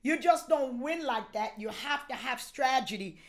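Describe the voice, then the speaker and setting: High-pitched lady pastor preaching, call and response, goes from hushed to shouting. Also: animated, normal speed. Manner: swings from hushed urging to shouted exhortation; call-and-response, repeats phrases. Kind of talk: sermon.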